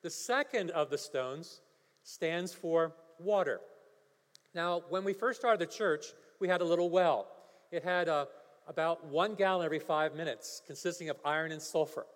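A man's voice: on the high side, normal speed. A male pastor preaching a sermon, telling a story and building to emphatic preaching. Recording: long hall reverb.

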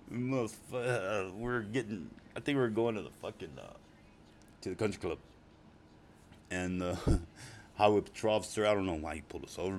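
Middle-aged guy, low voice, very animated, cussing storyteller. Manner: profane, rambling, laughs often. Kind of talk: casual spoken storytelling.

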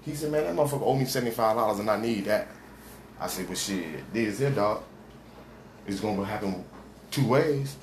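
A man's voice: on the low side, expressive. A man telling a long story in casual chat, heavy on street slang and full of fillers and restarts, acting out what people said. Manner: rambling, heavy street slang, acts out quoted dialogue; halting with many fillers and restarts. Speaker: storyteller in conversation. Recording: echoey room with background noise.

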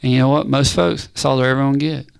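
Man preaching with animated fervor. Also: mid-range voice, fast talker, creaky, clean tone. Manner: animated preaching, calls to the congregation, rhetorical questions. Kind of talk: sermon.

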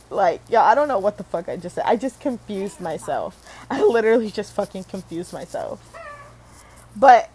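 A woman's voice: mid-range voice, sing-song, moderate pace, long pauses, darkish tone, husky, rough recording. A young woman from Michigan rambling casually to camera, full of fillers and self-corrections, swearing and laughing at herself. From Michigan, USA. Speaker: vlogger.

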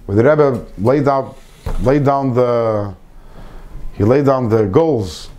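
A man's voice: mid-range voice, slow, mellow. A man giving an informal Torah lesson to a small group, earnest, repeating phrases and mixing in Hebrew terms. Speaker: Torah class teacher.

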